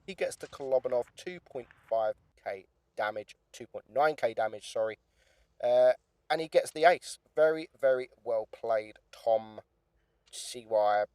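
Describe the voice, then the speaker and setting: A young man giving lively, chatty play-by-play commentary on a game replay, with some casual swearing. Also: mid-range voice. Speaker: gaming YouTuber.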